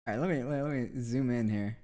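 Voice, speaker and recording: A man's voice: medium pitch, fast talker, dark tone. A young man streaming, chatting casually in a loose, joking way full of fillers and asides. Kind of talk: casual rambling livestream chat.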